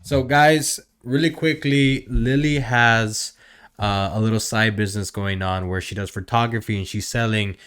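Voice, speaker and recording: A man's voice: on the low side, fairly even intonation, moderate pace, fairly bright tone, clean tone. A man hosting a casual podcast, talking conversationally and posing rhetorical questions. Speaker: podcast host.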